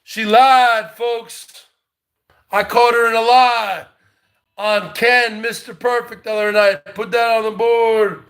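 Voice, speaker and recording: Guy putting on a high bright mocking loudmouth voice, slow, keeps yelling the same taunts. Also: fairly even intonation, exaggerated voice. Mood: taunting. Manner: taunting, repetitive, shouty bursts. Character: brash taunting loudmouth man mocking a rival. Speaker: parody comedian. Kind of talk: comedic impression rant.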